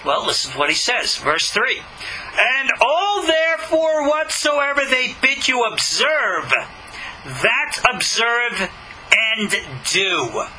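A man giving a religious teaching, asking rhetorical questions and slowing down to read scripture aloud. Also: very high-pitched, sing-song, pushed and bright, a little hiss or hum, low-quality recording. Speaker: Jewish teacher.

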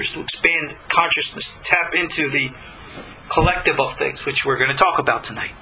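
An older man from Long Island, giving a slow, deliberate spiritual lecture with many pauses. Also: on the high side, sharp tone, a little hiss or hum, rough recording. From Long Island, New York. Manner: slow, deliberate, pausing between phrases. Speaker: spiritual teacher.

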